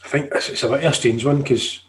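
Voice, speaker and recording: A man's voice: medium pitch, steady tone, fast. A man co-hosting a podcast, laid-back and casually swearing in chat. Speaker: podcast co-host.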